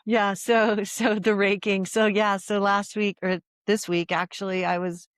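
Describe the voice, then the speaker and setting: Older woman guest, animated storyteller, dry close sound, mid pitch. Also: measured pace, clean tone, no echo. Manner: animated storytelling, frequent laughter and restarts. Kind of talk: casual conversation.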